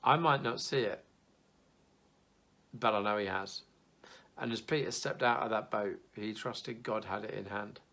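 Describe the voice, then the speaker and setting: Gravelly-voiced man giving a devotional. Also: lowish voice, a little slow, pauses often, a bit bright. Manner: earnest, conversational, reassuring. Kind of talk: informal video devotional.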